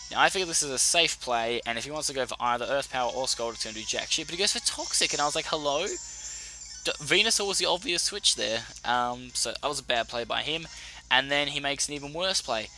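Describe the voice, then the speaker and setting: Young Australian male YouTuber, very bright tone, lively and swearing, faint music underneath. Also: medium pitch, brisk. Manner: animated, profane, self-correcting. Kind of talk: casual battle commentary. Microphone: desk mic.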